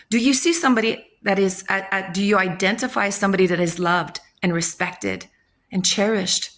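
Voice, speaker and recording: A woman's voice: medium pitch, fairly bright tone. A woman hosting a self-help channel, speaking in a frank, casual motivational talk, swearing freely and acting out people's inner voices.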